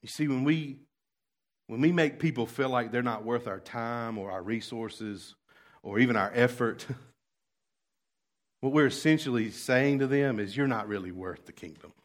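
A man's voice: medium pitch, a little slow, long pauses. Impassioned preacher man. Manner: swings from hushed asides to loud impassioned preaching. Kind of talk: sermon.

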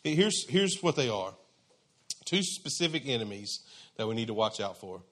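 A man's voice: mid-range voice, sing-song, moderate pace, fairly bright tone. A man preaching a sermon in a conversational, emphatic, folksy way.

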